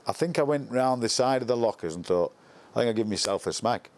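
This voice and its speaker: A man's voice: mid-range voice, lively intonation, brisk, darkish tone, a little hiss or hum. An older man recalling a football campaign in an interview, blunt and colloquial in his speech. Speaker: former football coach. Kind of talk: retrospective interview.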